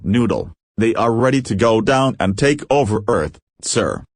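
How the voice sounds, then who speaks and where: A man voicing a deferential alien underling who flatters his leader. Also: fairly low pitch, unhurried, creaky, dry recording, studio quality, full character voice. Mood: fawning. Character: fawning alien crew member, flattering the leader.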